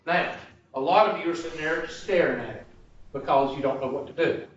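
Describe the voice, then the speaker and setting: A math instructor lectures his class, joking and teasing as he quizzes students. His voice is fairly high and fairly quick, captured far from the mic in an echoey, muffled room with faint hiss.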